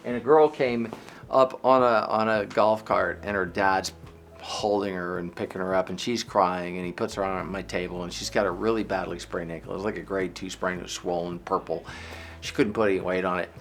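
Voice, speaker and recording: A middle-aged man, a bodywork practitioner, telling a story in a casual, animated way, often repeating words and restarting. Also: deep voice, brisk, gravelly, a little hiss or hum.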